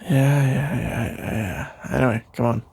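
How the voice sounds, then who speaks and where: Man doing a gravelly sleepy boyfriend, whispered role-play. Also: medium pitch, steady tone, a little slow, full character voice. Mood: teasing. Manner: soft sleepy voice, playful rambling. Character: caring, rambling boyfriend putting partner to bed. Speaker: ASMR role-play creator.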